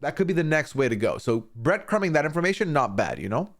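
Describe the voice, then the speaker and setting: A man's voice: a little high, fast talker. A man streaming a casual, opinionated recap of a reality show, swearing freely and acting out what people said. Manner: animated, swearing, acting out quoted lines.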